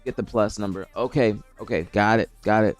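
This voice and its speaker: A man with a fairly low, steady voice streams live at a brisk pace, casually reading viewer messages and answering chat. He rambles and repeats himself, recorded on a dry close mic with faint music behind.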